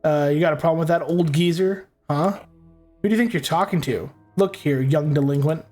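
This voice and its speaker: A man voicing a suspicious, grumpy old male neighbor in a game, reading his lines in a gruff, confrontational way. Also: on the high side, a little fast, darkish tone, faint music behind, natural voice.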